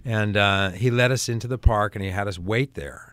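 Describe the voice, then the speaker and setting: A man with a lowish voice spins a long anecdote as an interview guest, animated and full of restarts. The recording is dry and close, with no room sound. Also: normal speed, no room sound. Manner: lively storyteller, frequent restarts. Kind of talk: casual anecdote telling.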